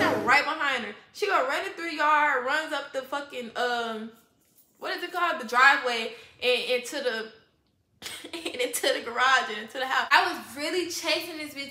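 A young woman, telling a profane, animated storytime and acting out quoted voices. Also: high-pitched, roomy sound. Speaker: vlogger.

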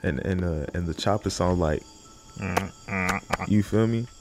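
A gaming YouTuber gives joking, rambling let's-play commentary, tossing in playful mutters and sound effects while he plays. His voice sits low and unhurried against a noisy background.

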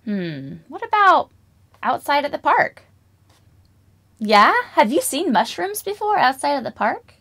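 A young woman with a high, bright, pushed voice leads a preschool music lesson, her pitch swinging widely at a measured pace with long pauses. She sings, plays with toys, and talks to toddlers with exaggerated wonder, asking lots of questions.

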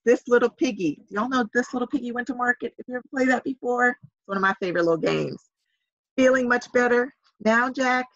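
A woman reading a picture book aloud to young children over a video call, pausing to ask them questions. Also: medium pitch, husky, dry recording, lo-fi sound. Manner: animated, coaxing questions to young listeners. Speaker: reader at a virtual story time for children. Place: home setup on a video call.

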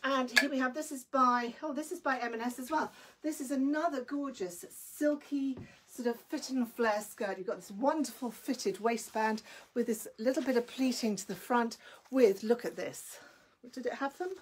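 A woman with a slightly high, husky voice talks at a normal speed while selling clothes live online. She's bubbly and talkative, somewhat breathless, and says hello to viewers by name.

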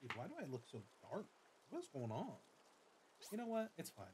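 A young man streaming a game, commenting in an excitable, gushing way with swearing and dramatic self-mockery. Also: on the high side, moderate pace, background noise. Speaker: gaming streamer. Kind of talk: let's play commentary.

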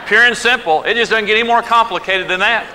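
A man's voice: high voice, fast, background noise. A man teaching on marriage with humor, telling stories and acting out the people in them. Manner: animated storytelling, acting out quoted voices.

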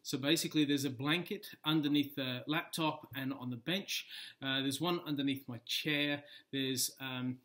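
A man's voice: mid-range voice, steady tone, moderate pace, fairly bright tone. A man with an Australian accent giving a playful, chatty how-to demonstration, recorded in a home kitchen on a laptop's built-in mic. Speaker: video tutorial presenter.

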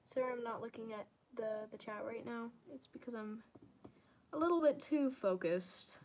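A young woman with a slightly high voice chats to her live-stream viewers while she paints. She rambles and pokes fun at herself, and her voice often drops to a quiet murmur. A faint background hiss sits under the recording. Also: normal speed. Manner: rambling, self-deprecating, drifts into quiet murmurs and whispers. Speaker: livestreamer.

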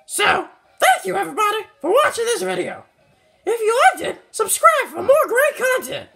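Toad, a squeaky, swooping mushroom racer. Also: male voice, moderate pace, vocal fry, soft background music, full character voice. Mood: triumphant. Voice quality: squeaky with a slight southern twang. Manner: excitable, yelps and complains at mishaps. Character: hyper, boastful little male mushroom kart racer. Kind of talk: let's-play game commentary in character.

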